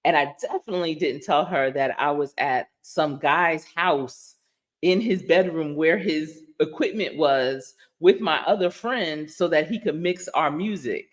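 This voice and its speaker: A middle-aged life coach chats casually with her livestream audience, telling stories with lively energy. She laughs often and slips into the voices of the people she quotes. Her voice sits low and her pace is unhurried, picked up by a livestream setup.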